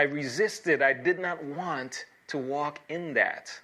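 A man preaching a sermon as pastor, earnest and emphatic, with dramatic pauses and repeated key phrases. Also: on the high side, bright, forceful tone.

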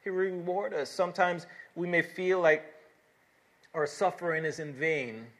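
A man with a voice on the high side preaches a sermon at normal speed in a fairly bright tone. He reads scripture verses aloud and explains them earnestly, with fillers and restarts, building to emphatic exhortations.

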